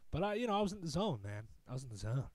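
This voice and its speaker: A man's voice: a little high, big pitch swings, racing, darkish tone, no echo. A young man hosting a podcast, telling a long rambling story in a casual, profane, self-mocking way. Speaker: podcast host.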